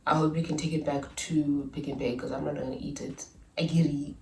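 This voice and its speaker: A young South African woman telling a story in a chatty, animated vlog style, with asides and laughs. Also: low-pitched, brisk, far from the mic, a little hiss or hum. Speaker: YouTuber. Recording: echoey room, a little off-mic.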